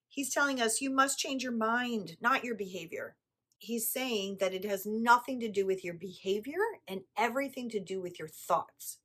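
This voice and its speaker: A woman's voice: a little high, fairly bright tone. A middle-aged woman, a spiritual teacher, explaining a text in a blunt, casual way and laughing often.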